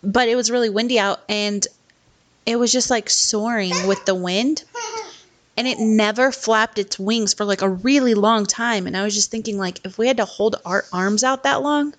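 A woman's voice: mid-range voice, normal speed. A young woman and mother chatting casually at home into a laptop mic, rambling with lots of "like" fillers. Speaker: mom vlogger. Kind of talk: casual chat. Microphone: laptop microphone.

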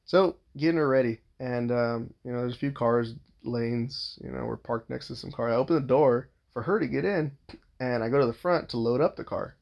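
Gravelly, profane man telling a story. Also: medium pitch, moderate pace, dull audio. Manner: rambling and profane, heavy swearing and restarts. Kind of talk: casual storytelling monologue.

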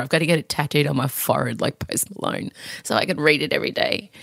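A woman's voice: low-pitched, fairly bright tone, no echo, studio quality. A tired woman hosting her own podcast, talking frankly and rambling a little, laughing often and getting emotional. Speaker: podcast host. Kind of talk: candid solo podcast chat.

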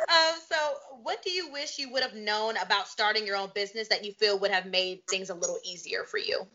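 A woman interviewing a guest in casual chat, playful and teasing, quick to laugh along. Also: medium pitch, sharp tone. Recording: dull lo-fi audio.

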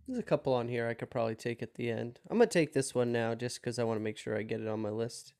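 A man's voice: medium pitch, quick pace, darkish tone, clear, resonant tone. A man in an ordinary mid-range voice co-hosts a casual podcast and talks up his picks with enthusiasm. He curses freely and laughs often between points. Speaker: podcast co-host. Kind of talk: casual chat.

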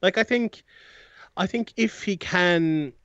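A rambling man talking sports as a guest, full of restarts and quick laughs. His voice sits fairly high and sounds dry and dull, as if on a lo-fi remote line. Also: a bit bright, dry recording. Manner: rambling, many restarts and fillers, laughs often. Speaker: MMA analyst guest. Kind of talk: casual sports analysis chat.

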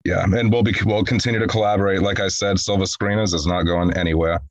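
A man with a Boston accent hosting a casual podcast chat, laid-back and quick to chuckle. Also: sits low, steady tone, dull audio. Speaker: podcast host.

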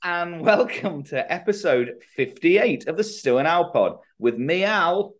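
Man, podcast co-host, animated pitch, quick sweary reactions. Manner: quick to react, swears casually, laughs along. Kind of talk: casual podcast banter.

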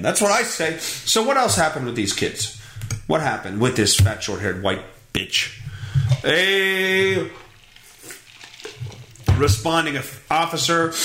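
Male podcast host, sarcastic ranter, lively pitch, echoey room. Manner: sarcastic, ranting, swings up and down in pitch. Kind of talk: casual solo podcast commentary. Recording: roomy echo.

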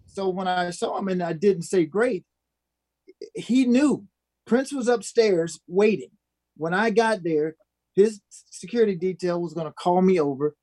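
A man's voice: sits high, no room sound. A man from Minnesota, a guest musician, telling a story in an interview and acting out the voices of the people in it. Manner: animated, acts out quoted voices.

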